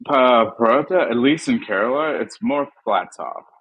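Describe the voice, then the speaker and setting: A man talking casually as a guest about his barbecue cooking, relaxed and quick to laugh. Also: medium pitch, slightly rough, no echo, lo-fi sound. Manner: relaxed, laughs easily, trails off. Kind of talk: casual chat.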